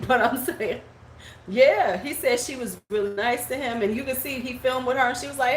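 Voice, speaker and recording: A woman in her forties chats on a live stream in a gossipy, animated way, her voice pitched a little high. She jumps into squeaky quoted voices now and then. The sound is roomy and echoey, with a faint noise behind her. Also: moderate pace. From United States. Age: 40s. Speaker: beauty vlogger. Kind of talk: casual live-stream chat.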